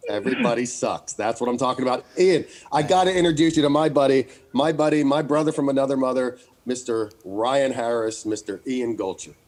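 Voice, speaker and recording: A man's voice: medium pitch, brisk, few pauses, a little mellow. An American man co-hosting a podcast, chatting casually and telling rambling, jokey stories. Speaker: podcast co-host. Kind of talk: casual chat.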